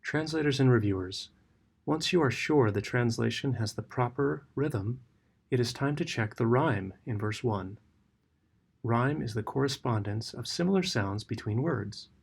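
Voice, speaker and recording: A man giving scripted instructional narration in a steady, measured way. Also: mid-range voice, gravelly, husky. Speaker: training narrator.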